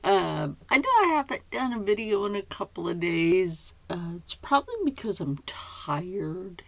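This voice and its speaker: An older woman hosts her channel, chatting casually to camera in a soft, rambling way that often drops to a half-whisper and sometimes turns emotional and tearful. Her medium-pitched voice is very animated, unhurried and touched with vocal fry, with no echo.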